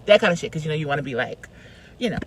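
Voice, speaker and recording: Woman vlogger, storytime, chatty and slangy, swings from hushed to loud. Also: deep voice, animated, rapid-fire, a little hiss or hum, poor audio. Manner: chatty, slangy, lots of "like" and "you know". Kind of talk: casual storytime.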